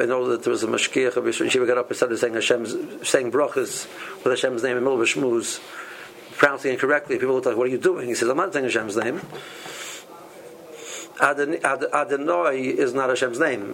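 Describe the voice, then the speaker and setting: Halting man teaching a Torah class. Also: mid-range voice, creaky, fairly bright tone, low-quality recording. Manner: halting, many restarts and repeated words. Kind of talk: halachic lesson.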